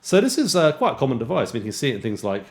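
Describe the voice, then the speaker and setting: A man teaching jazz guitar in a relaxed way, counting beats aloud and scatting rhythms. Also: medium pitch, rapid-fire. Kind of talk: casual instructional talk with counting and scatting. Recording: guitar playing underneath speech. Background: loud guitar music.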